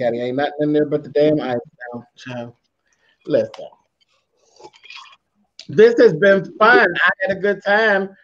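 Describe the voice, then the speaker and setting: A man's voice: fairly high pitch, a bit bright. Sassy drawling man, lo-fi sound. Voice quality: sassy, drawling, peppered with endearments. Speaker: host of an online chat. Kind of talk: casual chat.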